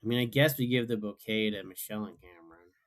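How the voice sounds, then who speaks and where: A man with a fairly low voice talks fast as a podcast guest, a former reality show contestant. He chats casually but hesitantly, restarting and repeating words while he thinks.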